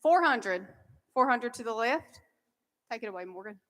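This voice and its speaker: A woman's voice: on the high side, animated, moderate pace. A woman hosting a charity auction, upbeat and encouraging as she introduces pieces and opens bids. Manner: upbeat and encouraging, thanking donors. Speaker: event host. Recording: reverberant event hall.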